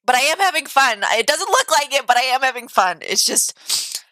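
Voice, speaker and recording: A woman's voice: high-pitched, big pitch swings, normal speed, bright, forceful tone, no room sound. A woman streaming a game live, laughing nervously and assuring viewers she is fine.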